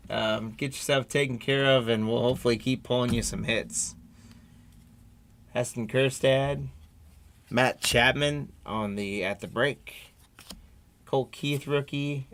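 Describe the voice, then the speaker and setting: A man hosting a live-streamed trading card break, calmly reading out each card and chatting with viewers by name. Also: mid-range voice. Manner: unhurried, reads card names off one by one, friendly asides to viewers.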